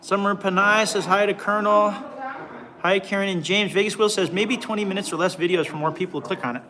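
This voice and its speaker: A man's voice: sits high, steady tone, quick pace, pushed and bright, a little hiss or hum, poor audio. A man in his forties hosting a casual livestream, reading viewer comments aloud and rambling with frequent restarts and repeated words. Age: 40s. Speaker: livestream host.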